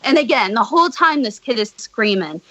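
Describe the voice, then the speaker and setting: A woman with a bright, higher-pitched voice recounts a story in casual conversation. She is blunt and swears freely, building the tale with animated energy. The sound is close and dry. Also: a little fast, no echo, dull audio. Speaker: podcast guest.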